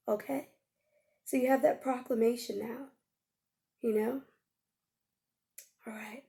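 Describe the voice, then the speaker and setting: Soft-toned woman with a heavy gravelly fry. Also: on the high side, fairly even intonation, slow pace, pauses often. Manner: gentle, coaxing, checks in with frequent "okay?". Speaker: life coach. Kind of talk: guided healing exercise.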